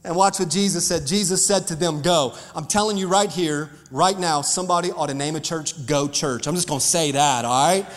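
A man pastor preaching a fiery sermon to his congregation, building up to shouts. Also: a little high, brisk, hardly any pauses, big-room sound. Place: church sanctuary.

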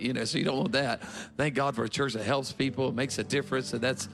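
A man's voice: medium pitch, quick pace, few pauses. A man speaking as guest preacher, greeting the congregation with enthusiasm before his sermon. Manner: enthusiastic, warm crowd greetings. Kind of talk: sermon opening. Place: large church auditorium.

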